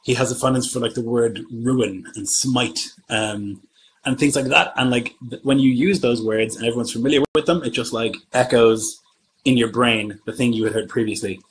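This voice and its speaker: A man's voice: mid-range voice, steady tone, moderate pace, a little hiss or hum, rough recording. A man from Germany who runs tabletop games, chatting casually on a livestream and thinking aloud as he answers viewer comments. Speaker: game master.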